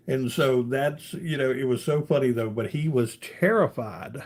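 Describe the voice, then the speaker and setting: A man's voice: mid-range voice, measured pace. A man hosting a casual live stream, reading out viewer comments and telling a rambling story, with a lot of "you know" along the way.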